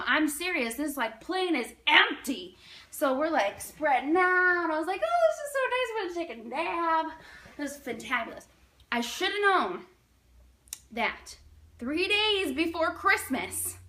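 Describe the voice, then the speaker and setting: A young woman in her twenties telling a personal story in an animated, dramatic way, using "like" often. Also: sits high, unhurried. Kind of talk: casual personal anecdote.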